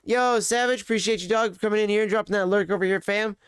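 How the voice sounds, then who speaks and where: Man, live streamer, swearing and rambling, smooth voice, dry sound. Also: high-pitched, steady tone, fast, a bit bright, no room sound. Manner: profane, rambling rant. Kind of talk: casual live-stream chat.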